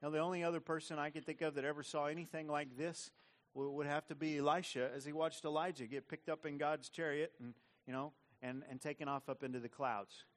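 A man's voice: fairly high pitch, steady tone, fairly quick. A man preaching a sermon in a conversational, repetitive way. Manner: conversational preaching with frequent repeated words. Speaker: pastor.

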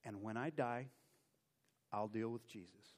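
A man's voice: lowish voice, unhurried. Male preacher telling a personal story. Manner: animated, self-mocking storyteller who acts out his own story. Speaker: preacher giving a testimony. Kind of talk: sermon storytelling.

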